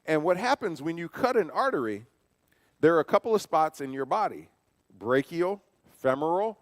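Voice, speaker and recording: A man's voice: on the high side, very animated, moderate pace, clean studio sound. A man giving a church safety training talk, conversational, asking rhetorical questions and telling personal stories. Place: church hall. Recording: long reverb of a large hall.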